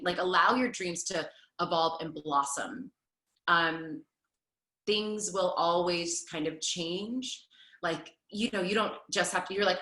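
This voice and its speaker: A woman in her thirties, a stage performer, answering interview questions in an animated, chatty way with lots of fillers. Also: on the low side, roomy sound, poor audio. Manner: animated, laughs often, many fillers. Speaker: Broadway performer, guest.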